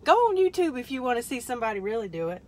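Racing along in a slightly high, sing-song voice, a woman live-streams a casual product test from her car parked in a store lot. She jokes and rambles to viewers, muttering under her breath as she fiddles with the item, over slight background noise.

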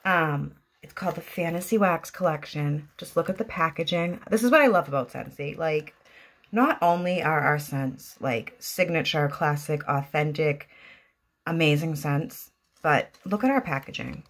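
A woman's voice: deep voice, animated, moderate pace, a bit bright. Gushing Boston-accented woman. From Boston area, US. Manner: chatty and enthusiastic, gushing. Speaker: product reviewer. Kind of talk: casual product review vlog. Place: at home.

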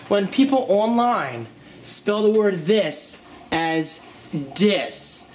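A man's voice: high-pitched, animated, slow, slight background noise. A young man chatting casually in a home vlog, joking around and talking to his dogs as he moves from room to room. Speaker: vlogger. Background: music playing from his phone.

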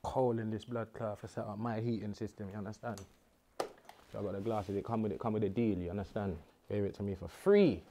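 A man's voice: lowish voice, steady tone, fairly quick, noisy background. A man, hosting a comedic monologue to camera, rambling in street slang with stumbles and repeated words. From United Kingdom. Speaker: host.

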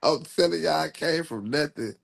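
A man's voice: fairly high pitch, moderate pace, gravelly, husky. A man in his twenties talking casually on a livestream, rambling and repeating himself in heavy street slang. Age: 20s. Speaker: rapper.

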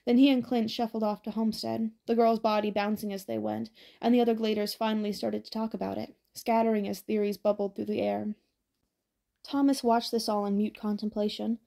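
A woman narrating an audiobook in a steady, even storytelling manner. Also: medium pitch, fairly quick, vocal fry.

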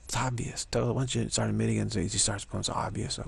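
A man's voice: lowish voice, flat delivery, brisk, vocal fry, husky. A man giving an informal spiritual talk, rambling and laughing as he acts out imagined voices. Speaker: spiritual teacher.

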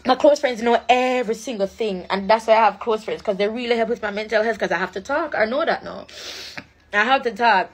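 Woman preaching and venting on a phone live, gets teary, voice a bit high. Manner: emotional and preachy, switching between patois and standard English. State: crying at times. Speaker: livestreamer. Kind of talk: impassioned livestream rant.

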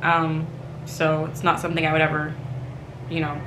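A young woman talking openly in a personal vlog, emotional and a little teary, moving between quiet reflection and loud self-mocking outbursts. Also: low voice, monotone, moderate pace, noisy background. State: teary, recovering from crying. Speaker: vlogger. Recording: echoey room.

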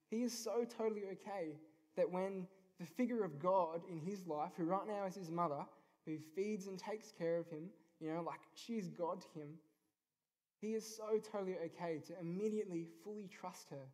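A man in his twenties or thirties speaks at a youth event, sharing his faith in an earnest, unpolished way. He fills pauses with ums as he goes. His voice sits a little higher than most men's. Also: a little mellow. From Australia. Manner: earnest, informal, with many ums. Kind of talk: personal faith talk. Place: event venue.

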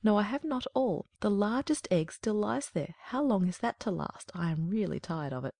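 A woman's voice: mid-range voice, animated, moderate pace, darkish tone, no room sound. A woman voicing a tired, fussy mother duck with proud, fretful chatter.

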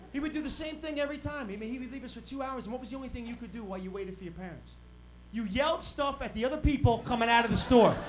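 A man doing a stand-up comedy set in a club, animated and swinging between loud and soft. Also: very high-pitched. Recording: noisy live club recording. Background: audience laughter.

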